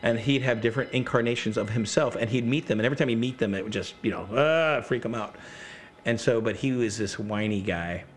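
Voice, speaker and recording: A man's voice: on the low side, fairly even intonation, quick pace, a little hiss or hum. A middle-aged man chatting casually as a podcast guest, rambling through gaming stories and acting out quotes. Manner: rambling storyteller, acts out quotes. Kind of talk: casual chat.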